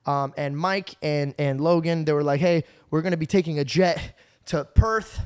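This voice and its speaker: Man, podcast host, slightly high pitch, animated storyteller, tired from no sleep. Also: normal speed, clear, resonant tone. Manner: animated, laughing, does voices of friends. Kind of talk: casual podcast chat, storytelling.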